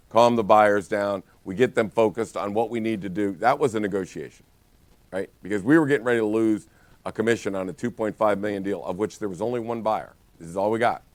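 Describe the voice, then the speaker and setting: A man's voice: lowish voice, dry recording. A man teaching a real estate training session, telling stories with lots of energy and frequent restarts. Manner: energetic storytelling with many restarts. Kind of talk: live training talk.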